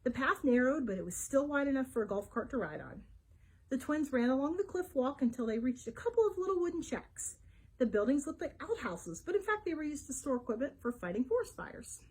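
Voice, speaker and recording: A woman's voice: sits high, fairly quick, breathy edge. A woman librarian reading a children's adventure book aloud, telling it expressively. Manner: expressive storytelling. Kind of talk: storybook read-aloud for children.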